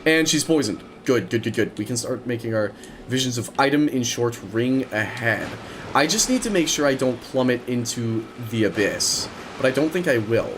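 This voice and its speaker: A young man commentating his own video game run, excitable and prone to repeating words in rapid bursts. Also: medium pitch, a little hiss or hum. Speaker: gaming streamer. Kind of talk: let's play commentary.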